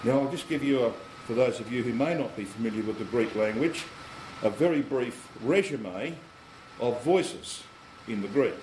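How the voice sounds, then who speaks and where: A man's voice: medium pitch, moderate pace, darkish tone. A man preaching a sermon, explaining scripture step by step and putting rhetorical questions to his listeners. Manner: teaching, asks the congregation rhetorical questions. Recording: echoey room with faint air conditioning hum.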